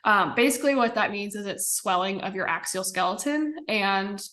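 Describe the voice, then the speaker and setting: Chatty bright-voiced woman guest. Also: medium pitch, lively intonation, normal speed. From American Midwest. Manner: chatty, many fillers and laughs. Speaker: podcast guest. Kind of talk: casual interview chat.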